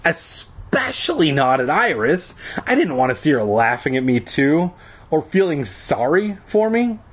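Husky man reading with crude asides. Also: a little high, very animated, measured pace. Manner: sarcastic, profane interjections. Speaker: reader.

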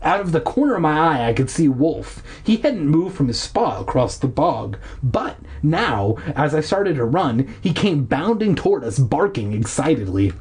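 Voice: medium pitch, sing-song, moderate pace, hardly any pauses, a little mellow, breathy edge. A reader narrating a children's horror book aloud, breaking off now and then for sarcastic asides.

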